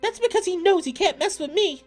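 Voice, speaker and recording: A man voicing a small fluffy male tavern guest who is touchy and boastful, with shrill indignant outbursts in a game playthrough. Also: animated, brisk, faint music behind.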